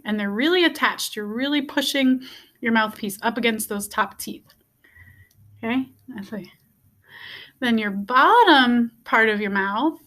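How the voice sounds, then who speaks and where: In an instructional video, a woman walks beginners through a music lesson, patiently repeating every step and checking in with "okay?". Her voice runs on the high side with a fairly bright tone.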